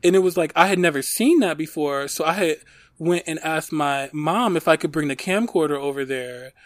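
A man's voice: on the high side, normal speed, dry recording, clean studio sound. A man in his thirties from Detroit, telling rambling stories in casual chat with lots of fillers. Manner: animated storytelling, lots of fillers.

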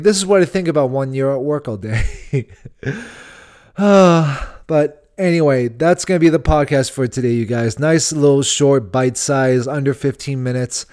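A man's voice: medium pitch, darkish tone. A man hosting a solo comedy podcast, ranting sarcastically and slipping into mocking impressions. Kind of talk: casual solo podcast monologue. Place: Nashville.

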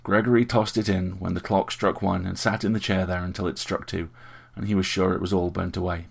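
A man narrating an audiobook story in a measured, even way. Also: deep voice, gravelly, husky.

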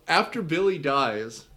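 A man's voice: fairly high pitch, sharp tone. A sleepy man chatting casually as a podcast co-host, rambling with wry, sarcastic asides. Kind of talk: casual chat.

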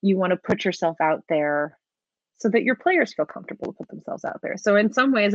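A woman game master chatting as a podcast guest, animated and laughing often. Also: mid-range voice, fairly quick, no echo, highs cut off. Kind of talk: casual interview talk.

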